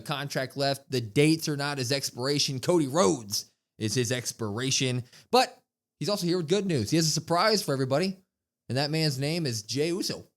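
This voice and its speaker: A man co-hosting a wrestling podcast, retelling a show in a casual, animated way and acting out the quotes. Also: on the high side. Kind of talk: casual recap chat.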